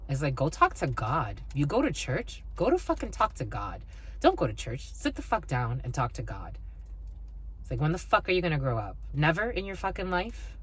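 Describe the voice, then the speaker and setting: Her voice sits low, with slight background noise, as this woman delivers a tarot reading to viewers: a blunt, profane spiritual monologue full of scolding and free swearing.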